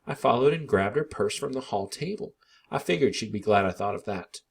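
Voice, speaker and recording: A man reading a children's book aloud in an expressive, animated narration. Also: lowish voice, brisk, creaky, slightly rough.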